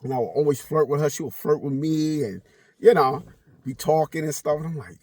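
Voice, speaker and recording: Middle-aged male vlogger, husky and lively, swears freely, storytelling, dry close sound. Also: on the high side, a little fast, no room sound. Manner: animated, swears freely, slips into voices of people in his story. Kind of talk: casual storytelling to camera.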